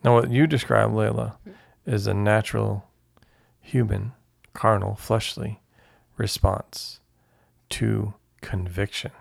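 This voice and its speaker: A man co-leading a Bible study discussion, speaking in a measured way and listing words one by one. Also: fairly low pitch, fairly even intonation, vocal fry, no room sound, studio quality.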